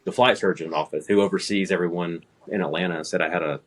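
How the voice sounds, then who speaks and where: Man, 30s, low husky voice, casual anecdote, self-deprecating. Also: quick pace. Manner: relaxed anecdotal storytelling, laughing at himself. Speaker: air traffic controller, guest. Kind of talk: casual storytelling.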